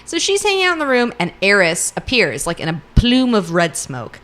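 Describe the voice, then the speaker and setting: A woman's voice: mid-range voice, wildly swooping pitch, moderate pace, a bit bright. A woman co-hosting a podcast, casually recapping a book plot in a chatty way, swearing freely and laughing often. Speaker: podcast co-host.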